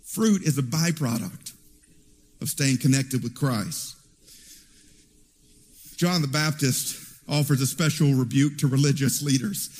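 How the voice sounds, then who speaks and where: A man preaching a sermon in an animated storytelling way, heard in a church hall with reverb. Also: medium pitch, measured pace, long pauses. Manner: animated storytelling with acted quotes.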